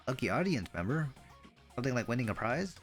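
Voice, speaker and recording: A man reading the part of an eager young woman fan who poses as an intern reporter, gushing and excitable. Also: mid-range voice, fast, soft background music, close to an everyday voice. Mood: excited.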